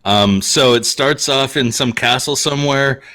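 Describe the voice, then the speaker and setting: A man in his thirties from Minnesota chatting on a live podcast, his voice bright and forward. He tells stories and rants with animated energy, laughing along the way. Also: medium pitch, a little slow. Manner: animated, ranting storyteller who laughs often. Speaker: podcast host. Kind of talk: casual chat.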